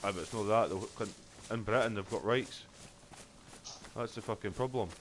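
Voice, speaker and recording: A man's voice: on the low side, moderate pace. A Scottish man streaming a game, chatting casually in a rambling, sweary way full of fillers. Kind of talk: casual chat while gaming.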